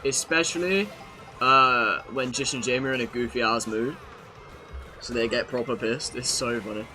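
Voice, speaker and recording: Bright-voiced young British streamer. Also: male voice, medium pitch, moderate pace, soft background music. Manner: chatty, swears freely, talks to chat while playing. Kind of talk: casual live-stream commentary.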